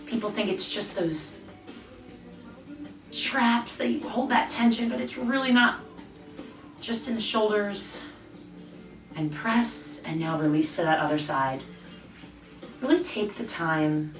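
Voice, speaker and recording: A woman leading a guided face and jaw exercise class, giving slow, encouraging cues. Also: medium pitch, a bit bright, recorded from a distance. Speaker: fitness instructor. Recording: roomy, off-mic with faint music.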